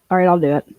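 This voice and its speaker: On her true crime livestream, a woman gives casual, profane commentary, cursing freely, laughing and reading court papers out loud. The audio has no echo, and its highs are cut off.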